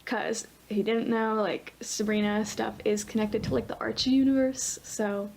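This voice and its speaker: A woman's voice: fairly high pitch, steady tone, moderate pace, creaky, darkish tone. A young woman co-hosting a podcast, chatting casually and rambling with many "um"s and "like"s. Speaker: podcast co-host. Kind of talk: casual chat.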